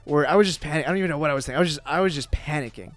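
A man, a podcast guest, telling a personal story in casual talk, animated, with lots of fillers and swearing. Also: fairly high pitch, racing, faint music behind.

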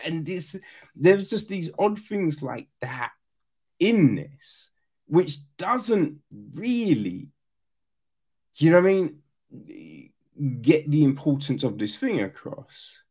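A man giving a casual, animated critique of a film, swearing now and then and acting out quoted lines. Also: a little high, husky. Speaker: reviewer.

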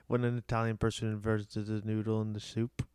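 Smooth-voiced man, playful and laughing. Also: fairly low pitch, dark tone, dry recording, studio quality. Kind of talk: casual chat.

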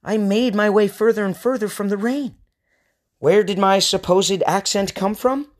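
This podcast host, a thirtysomething man from the US West Coast, gives a rambling, ranting comic monologue full of crude jokes. He speaks at a moderate pace in a high-pitched voice.

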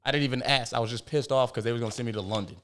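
A man, co-hosting a casual podcast chat, telling loose, profane, animated stories. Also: medium pitch, rapid-fire. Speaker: podcast co-host.

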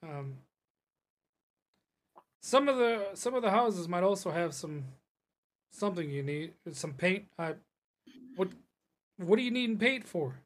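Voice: medium pitch, lively intonation, unhurried, pauses often. A game master narrating a tabletop roleplaying game, rambling and laughing between descriptions.

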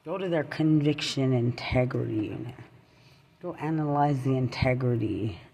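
A podcaster, a man, delivering an angry personal rant, bitter and accusing, rambling with sudden swings between loud outbursts and muttering. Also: medium pitch, moderate pace, vocal fry, slight background noise.

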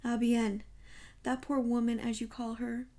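Woman reading as a precise elderly male detective, fussy, calm, superior, fairly high voice. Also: moderate pace, close to an everyday voice. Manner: precise, lightly sprinkled with French phrases. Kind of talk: audiobook character reading.

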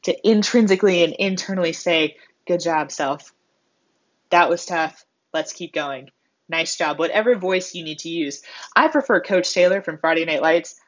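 A woman delivering a motivational monologue, expressive and self-mocking, acting out the voices she quotes. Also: on the low side. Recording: slightly dull lo-fi sound.

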